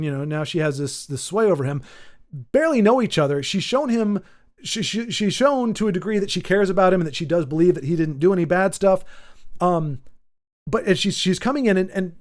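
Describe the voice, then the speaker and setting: A man with a high-pitched voice hosts his own channel and rants off the top of his head. He rambles, restarts his sentences and fills the gaps with ums. He sounds casual and unscripted. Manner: rambling, full of restarts and fillers. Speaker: channel host. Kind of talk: off-the-cuff commentary rant.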